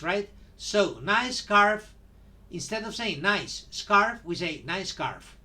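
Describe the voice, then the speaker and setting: A man with a notably high voice gives an outdoor English pronunciation lesson. He speaks slowly and deliberately and keeps checking that his viewers follow along. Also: a bit bright. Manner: slow, patient explaining with frequent "right?" checks. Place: outdoors near a city landmark.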